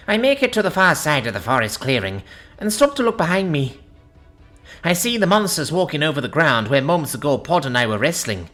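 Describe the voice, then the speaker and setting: A woman narrates a science-fiction story in first person, with a lowish voice that swings widely and dramatically. Soft background music runs quietly under her reading. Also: a little fast. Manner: expressive storytelling with dramatic shifts.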